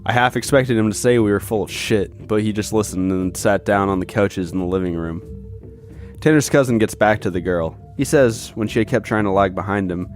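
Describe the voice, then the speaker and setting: Low-voiced man reading a scary story. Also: a little fast, soft background music. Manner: casual, profane storytelling. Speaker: podcast co-host.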